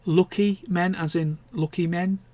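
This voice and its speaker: A man's voice: high-pitched, fairly even intonation, unhurried, a little mellow, no room sound. A young man, chatting casually and candidly in a rambling vlog catch-up, with the odd swear word. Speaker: vlogger. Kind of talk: casual chat.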